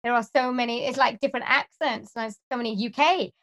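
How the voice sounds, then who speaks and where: A British woman with a fairly high voice chats warmly and easily as a guest, laughing often. She talks about her craft in a relaxed, conversational way. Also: a little fast. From Wales. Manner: friendly, chatty, laughs easily. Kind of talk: casual interview chat.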